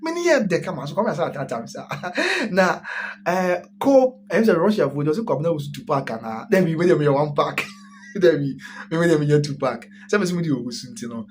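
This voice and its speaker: A host with a Ghanaian accent chats casually on a live stream, reading viewer comments and switching between Twi and English. The mid-range voice is sing-song at a moderate pace, laughing often, with slight background noise.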